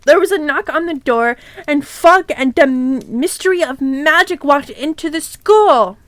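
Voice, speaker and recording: A woman's voice: sits high, expressive, a little slow, a bit bright, dry recording. A woman streamer reading a fanfic aloud, irreverent and swearing, with giggly asides.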